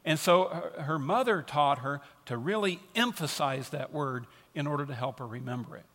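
A man's voice: fairly high pitch, moderate pace, fairly bright tone. Earnest male preacher in a reverberant hall. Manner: earnest, emphatic preaching with repeated phrases. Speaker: pastor. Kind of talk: sermon. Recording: long reverb of a large hall.

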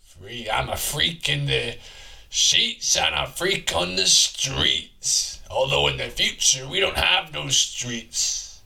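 A man voicing a crude, four-armed, time-traveling male freak from the future, ranting in a raspy, rambling, gleefully absurd way. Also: on the high side, animated, takes it slowly, pushed and bright, exaggerated voice. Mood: manic ranting. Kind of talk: improvised comedy bit.

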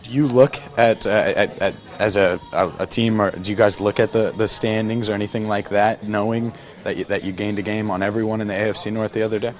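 A man's voice: lowish voice, steady tone, brisk, hardly any pauses. A man, a sports reporter asking a player questions, who often stumbles and repeats words when starting a question. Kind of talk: locker-room interview questions.

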